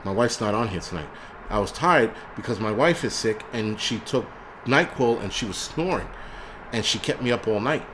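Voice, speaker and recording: A man's voice: lowish voice, lively intonation, moderate pace, a bit bright, slight background noise. A man hosting a livestream, ranting casually with lots of cursing, restarts and rambling asides. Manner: profane, rambling, frequent restarts. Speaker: livestream host.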